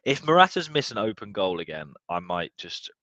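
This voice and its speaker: A young man watching a football match live, tipsy, swearing and swinging from low muttering to excited yelling. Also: moderate pace, dry recording, muffled recording. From United Kingdom. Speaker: football fan streamer.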